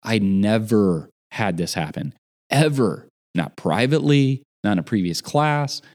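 A man in casual chat, telling an animated story about a job gone wrong. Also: on the low side, unhurried. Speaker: podcast guest.

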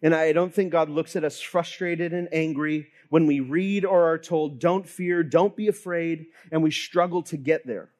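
A man's voice: on the high side, fairly even intonation, normal speed, few pauses, darkish tone. A man in his thirties preaching a sermon to his congregation, telling stories with animation and acting out the voices of the people he quotes. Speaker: pastor.

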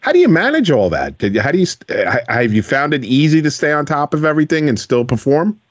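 Lively-voiced male radio host. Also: on the high side, a little fast, dry recording, highs cut off. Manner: encouraging, asks children gentle follow-up questions. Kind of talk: radio interview with schoolchildren. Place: radio studio.

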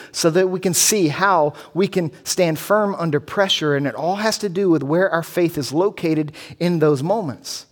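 A male pastor preaching an expository sermon, earnest and building emphasis as he walks through a scripture passage. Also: a little high.

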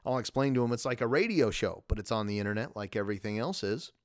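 Rambling man hosting a podcast, smooth voice. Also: lowish voice, animated, fast talker, dry recording, clean studio sound. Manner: rambling, self-deprecating, laughs often. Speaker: podcast host. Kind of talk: casual solo podcast monologue.

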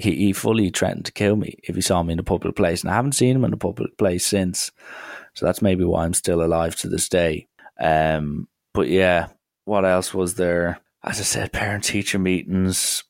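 Low gravelly young man. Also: fairly even intonation, normal speed, no room sound, clean studio sound. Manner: wry, rambling storytelling with acted quotes. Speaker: storyteller. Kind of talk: casual anecdote.

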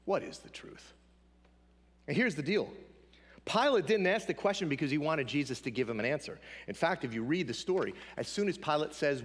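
A male pastor delivering an emphatic sermon, repeating key phrases and dropping to hushed asides. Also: high voice, long reverb tail.

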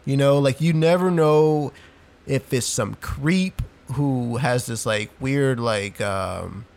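A man's voice: medium pitch, slow pace, gravelly. A young man chatting casually on a podcast, telling a long story full of "like" and "dude". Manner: rambling storyteller, heavy use of "like" and "dude". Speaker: podcast co-host. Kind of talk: casual chat.

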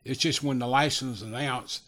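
A man's voice: medium pitch, fairly even intonation, normal speed, fairly bright tone. A man hosting a casual interview and prompting his guest for stories.

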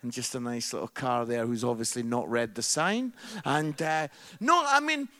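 A man's voice: mid-range voice, lively intonation, moderate pace, bright, forceful tone. A man giving a sermon-style talk as a travelling evangelist, chatty and jokey, often checking in with "yeah?". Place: hall with a live audience.

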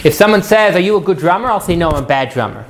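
A man teaching a live class, animated and jokey, putting questions to his students. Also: high voice, fast talker.

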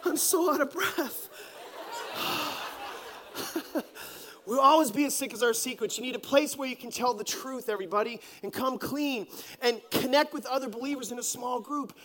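High-pitched guy preaching, lively and jokey, acts stuff out. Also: fairly quick. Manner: animated, joking storyteller who acts out scenes. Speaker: pastor. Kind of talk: sermon.

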